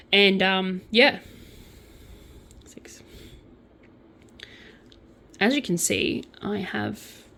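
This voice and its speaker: A woman's voice: medium pitch, a bit bright. A woman chatting casually about scam stories while crocheting, with playful, jokey asides. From Australia. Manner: playful, jokey asides, breaks into mock accents. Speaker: vlogger. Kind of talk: casual true-crime chat while crocheting.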